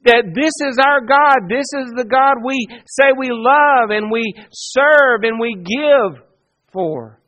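A man preaching a sermon, earnest, moving between soft hushed lines and emphatic ones. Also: very high-pitched, takes it slowly. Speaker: pastor.

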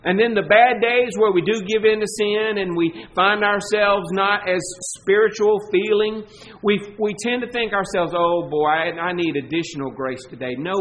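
Emphatic high-voiced Southern preacher. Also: male voice, fairly bright tone, a little hiss or hum, low-quality recording. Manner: emphatic preaching, swelling and dropping in volume, slow stressed words. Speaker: pastor. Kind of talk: sermon.

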